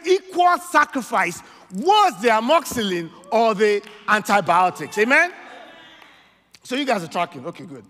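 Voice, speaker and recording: A man with a Nigerian accent delivers an emphatic sermon, often checking in with his listeners. His voice sits very high and rings bright, with animated rises and falls. A long hall reverb trails behind him. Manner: emphatic call-and-response preaching, frequent "amen?". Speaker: preacher.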